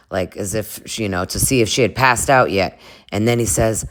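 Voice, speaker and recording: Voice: medium pitch, moderate pace. A vlogger chatting casually through a reality TV recap, gossipy and full of fillers and laughter.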